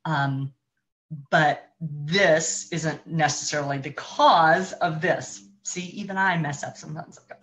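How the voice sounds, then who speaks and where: Low-pitched woman doing a parenting coach live, chatty, keeps restarting mid-thought. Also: steady tone, slow pace, fairly bright tone. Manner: conversational, thinks aloud with frequent restarts. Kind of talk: live-streamed advice talk.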